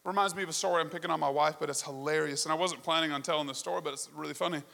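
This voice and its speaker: High bright-voiced preacher in a reverberant hall. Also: male voice, rapid-fire, gravelly. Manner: animated storytelling with rhetorical questions. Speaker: pastor. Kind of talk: sermon. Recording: long reverb of a large hall.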